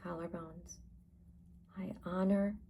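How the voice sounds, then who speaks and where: A woman life coach guiding a tapping session, talking in a calm, unhurried way and pausing between phrases. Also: lowish voice, a little hiss or hum, low-quality recording.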